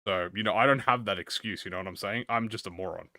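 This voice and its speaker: A man's voice: fairly low pitch, fast, bright, forceful tone, dry recording, clean studio sound. A man livestreaming, chatting casually with viewers and reading a story aloud, stuttering and restarting often. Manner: encouraging, talks to chat with slang.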